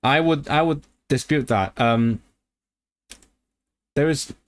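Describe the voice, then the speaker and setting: A man with a mid-range voice thinks aloud on a livestream about picking up languages, and there's no room sound. He restarts a lot and breaks into quick bursts of excitement.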